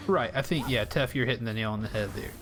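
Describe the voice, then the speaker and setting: A man's voice: mid-range voice, quick pace, a bit bright, a little hiss or hum. A man with a Southern US accent, rambling in casual live gameplay commentary and chatting straight to his viewers. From Southern United States. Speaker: streamer.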